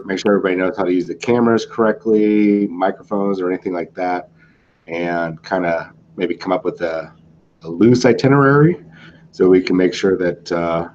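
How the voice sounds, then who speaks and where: A man co-hosts a casual chat with a very deep voice. He plans things aloud, easygoing and a little hesitant. The sound is dull and lo-fi, with a faint hiss behind him. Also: steady tone, moderate pace, darkish tone.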